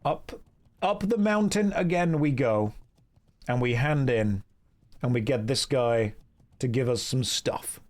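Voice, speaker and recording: A man's voice: mid-range voice, takes it slowly, long pauses. A man chatting playfully while streaming a game, joking and reading viewer comments aloud. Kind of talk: casual live-stream chat.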